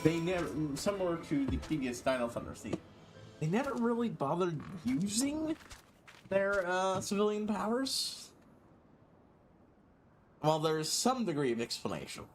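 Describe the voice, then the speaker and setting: A man's voice: on the high side, sing-song, normal speed, soft background music. A man streaming a game, rambling casually with lots of fillers. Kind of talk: casual gameplay commentary.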